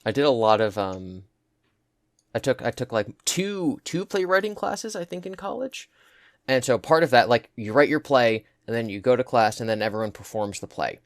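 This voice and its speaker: A hoarse young man in his twenties, co-hosting a podcast and telling stories in a chatty way. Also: medium pitch, expressive, moderate pace, no echo, studio quality. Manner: chatty, tells anecdotes. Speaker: podcast co-host. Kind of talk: casual chat.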